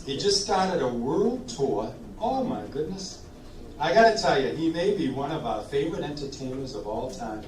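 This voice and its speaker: A man entertaining seniors at a live sing-along, chatting warmly between songs and coaxing the crowd to sing with him. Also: on the high side, lively intonation, normal speed, a little hiss or hum. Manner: chatty, encouraging, leads audience singing. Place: senior living community hall. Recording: roomy hall, heard from a distance. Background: instrumental backing music.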